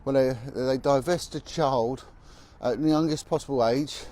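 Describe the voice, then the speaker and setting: A man's voice: mid-range voice, moderate pace, warm tone. Blunt ex-cop man talking while walking. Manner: blunt, emphatic storytelling. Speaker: former police officer. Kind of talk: walking vlog monologue. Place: outdoors on a city street.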